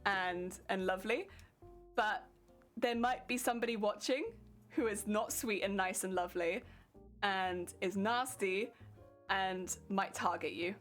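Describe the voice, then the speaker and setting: A woman's voice: mid-range voice, measured pace, soft background music. A young woman from Wales chatting casually on a livestream while ironing fabric, reading chat aloud and laughing often. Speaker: craft streamer.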